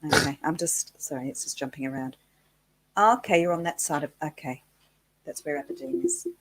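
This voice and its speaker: A woman co-hosting a casual live chat show, chatty and giggly, thinking out loud. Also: low-pitched, normal speed, poor audio.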